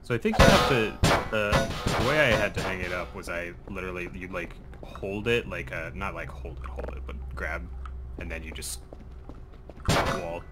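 A man's voice: deep voice, moderate pace, loud music behind the voice. A young man chatting casually while gaming with a friend, teasing him in a dry way. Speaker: co-player. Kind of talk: casual gameplay chat. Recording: keyboard typing behind.

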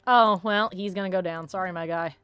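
A woman's voice: fairly low pitch, brisk, fairly bright tone, smooth, no room sound, faint music behind. A woman hosting a let's play, chatting playfully and reacting aloud to the game at a desk mic. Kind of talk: casual gameplay commentary.

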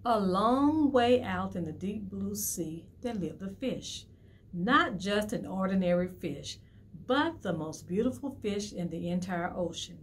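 A woman hosting a library storytime, reading a picture book to preschoolers in an animated way and asking the children questions. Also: medium pitch, a little slow.

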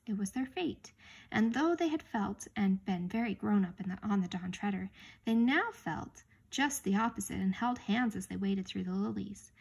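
A woman reading a children's storybook aloud in a calm, measured way, sometimes sinking into a whisper. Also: mid-range voice, gravelly, slightly rough. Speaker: audiobook reader.

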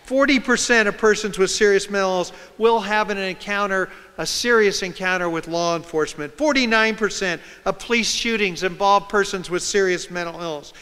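A man's voice: sits high, sharp tone, clear, resonant tone. A man giving a public talk, telling a personal story and acting out the voices of the people in it. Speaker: speaker. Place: large hall with audience. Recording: long hall reverb.

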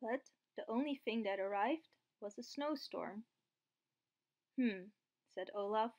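A woman reading a children's picture book aloud, slow and clear. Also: a little high, darkish tone, muffled recording. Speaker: storyteller.

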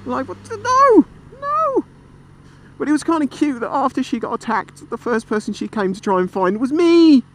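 A British man vlogging from a motorbike, telling a story in a chatty, animated way and swearing freely. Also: very high voice, a little fast, hardly any pauses. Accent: British English. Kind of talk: casual storytelling while riding. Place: on a motorbike outdoors. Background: traffic and engine noise.

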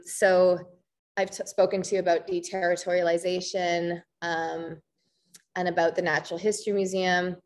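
A Canadian woman in her thirties presents her artwork in a talk, with a lower voice than most women. She pauses often and restarts sentences, filling gaps with ums. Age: 30s. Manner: hesitant, frequent ums and restarts. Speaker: visual artist.

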